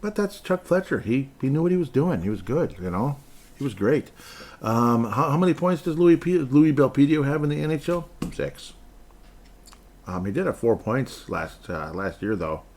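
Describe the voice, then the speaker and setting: A man's voice: medium pitch, very animated, normal speed, darkish tone. A man hosting a solo hockey podcast, rambling in a dry, sarcastic way with self-mocking asides. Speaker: podcast host.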